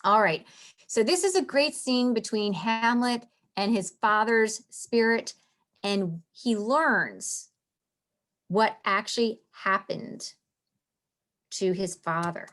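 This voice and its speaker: A woman's voice: medium pitch, takes it slowly, a bit bright. Woman teaching a play, keen and chatty. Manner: enthusiastic, taps out meter aloud. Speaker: literature teacher. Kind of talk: casual lecture with read-aloud quotes.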